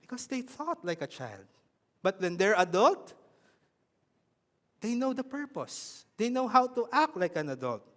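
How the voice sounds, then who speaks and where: A man with a Filipino accent preaching a sermon in an animated way, often asking his congregation questions. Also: high-pitched, a little slow, long pauses, long reverb tail.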